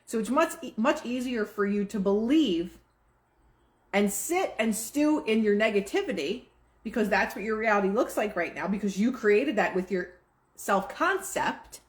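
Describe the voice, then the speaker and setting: On a manifesting livestream, a woman gives casual spoken teaching at a normal speed in a medium-pitched voice, sounding relaxed and chatty while filling her talk with "like" and restarts. Her home setup leaves a noticeable echo bouncing around the room.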